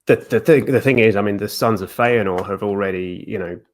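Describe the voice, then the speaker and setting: A man's voice: lowish voice, brisk. A man in a casual chat, thoughtful and hesitant, with frequent fillers and facetious asides. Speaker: guest discussing Tolkien lore.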